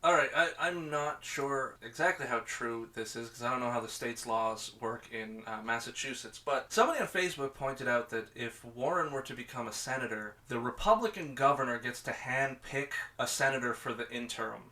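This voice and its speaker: A man co-hosting a podcast, telling an animated story in casual chat and swearing easily. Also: medium pitch, fairly quick, few pauses. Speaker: podcast co-host.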